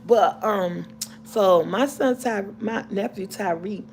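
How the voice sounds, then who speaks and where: A middle-aged woman vlogger tells a personal story to camera, slowly and in a medium-pitched voice, with slight background noise. She's casual and heartfelt but rambling, often restarting and repeating herself.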